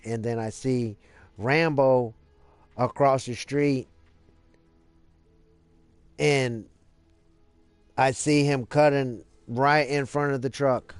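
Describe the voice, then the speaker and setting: A man's voice: mid-range voice, steady tone, takes it slowly, pauses often, clean tone, no echo, faint music behind. A man live streaming, telling a story in a rambling casual way, cursing freely and leaning on lots of fillers. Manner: rambling, profane, many fillers.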